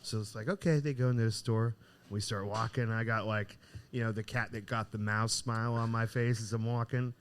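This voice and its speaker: Man, middle-aged, low voice, lively storyteller in casual podcast chat. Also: fairly quick, clean tone. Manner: animated, acts out the voices in his story. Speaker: podcast co-host. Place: cigar shop.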